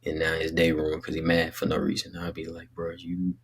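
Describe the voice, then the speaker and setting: A young vlogger giving life advice talks casually and earnestly to his listeners about handling emotions, rambling in slangy, motivational style. His rumbling low voice is completely flat, a little fast, a bit bright and edged with vocal fry, over slight background noise.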